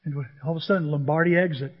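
A man in his sixties delivers a sermon as a lively, emotional personal story. His voice sits high for a man. The recording is a little muffled, with a long echo from a large hall. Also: very fast. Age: 60s. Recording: echoey hall, dull lo-fi sound.

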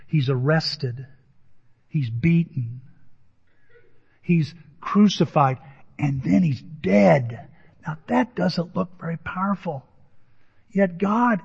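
Animated pastor preaching in a reverberant hall. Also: male voice, a little high, gravelly, husky. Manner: animated storytelling, acts out voices and crowd noises. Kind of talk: sermon. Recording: dull lo-fi audio with long hall reverb.

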